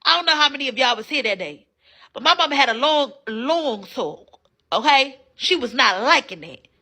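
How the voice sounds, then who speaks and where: Woman livestream host, very high, sharp-toned, brash and cussing, phone mic. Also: lively intonation, moderate pace. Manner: brash, hypes viewers for gifts, frequent cussing. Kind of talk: casual livestream chat.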